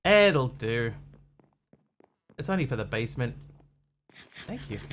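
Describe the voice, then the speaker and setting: A man's voice: mid-range voice, sing-song, unhurried, pauses often, fairly bright tone, slight background noise. Chatty Australian-accented male streamer. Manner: chatty, reads out chat and trivia, playful puns. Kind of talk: casual live-stream chat.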